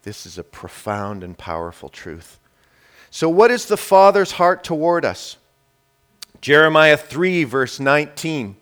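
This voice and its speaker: A male preacher delivers a sermon, speaking straight to the congregation with rhetorical questions. His delivery swings between forceful, raised declarations and soft, hushed phrases. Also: on the high side, sing-song, a little slow, smooth. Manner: emphatic, shifts between loud declarations and quiet hushed lines.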